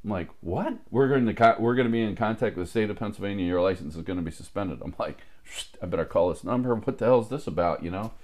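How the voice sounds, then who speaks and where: A man's voice: fairly low pitch, fast. A man in casual chat, telling a long story full of swearing and acted-out dialogue. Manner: profane, animated anecdote-telling with quoted dialogue.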